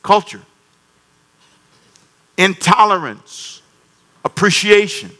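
Emphatic preaching man, bright voice. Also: a little high, normal speed. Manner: emphatic, repeats phrases, calls on the congregation. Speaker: pastor. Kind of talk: sermon.

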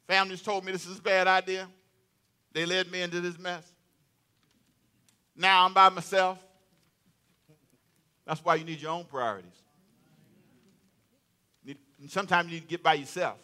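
Bright-voiced preacher man. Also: high voice, a little slow, long pauses. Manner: lively, conversational, comic asides, repeats phrases. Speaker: pastor. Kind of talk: sermon.

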